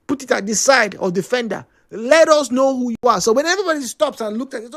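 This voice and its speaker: A man's voice: very high voice, big pitch swings, brisk, hardly any pauses, fairly bright tone, no echo, studio quality. A man with a Nigerian accent hosting a radio talk show, thinking aloud in a chatty way with asides and plenty of fillers.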